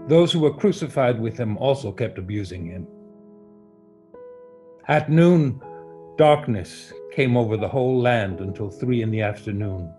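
Man, scripture narration, very slow, solemn, faint guitar behind. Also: medium pitch, a little mellow. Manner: measured, solemn reading.

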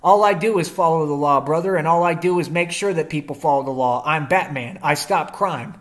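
A man's voice: on the high side, a little fast, fairly bright tone. A young man in a confrontational rant to the camera, defiant and combative, using slangy street talk and rhetorical questions. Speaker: vlogger.

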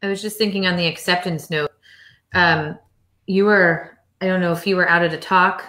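Animated female guest, chatty storyteller; roomy echo. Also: on the low side, moderate pace. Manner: animated storyteller, acting out quotes. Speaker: author and mother, guest. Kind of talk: casual interview storytelling.

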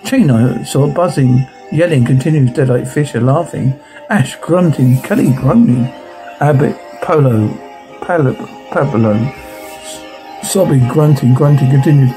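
A man reading a TV episode transcript aloud, listing its sound cues in a flat, steady manner. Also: mid-range voice, unhurried, low-quality recording. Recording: music playing under the voice.

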